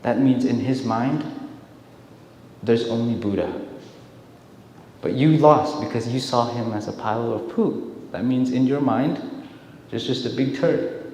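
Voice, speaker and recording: A man's voice: mid-range voice, unhurried, long pauses, a little mellow, a little hiss or hum, close to an everyday voice. A man voicing a wise younger sister who patiently explains her brother's mistake, in an echoey hall. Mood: explaining.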